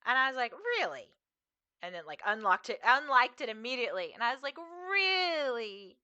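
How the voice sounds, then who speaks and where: Bright, lively woman chatting on stream. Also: on the high side, quick pace, clear, resonant tone, no echo, highs cut off. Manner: chatty, rambling, laughs often, many fillers. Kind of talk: casual live-stream chat while gaming.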